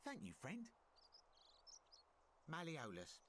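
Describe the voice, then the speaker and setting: An actor playing a shrewd, wry male merchant in an ancient Roman city, speaking in video game dialogue with a smooth, bargaining manner. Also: on the high side, wildly swooping pitch, slow, noisy background, full character voice.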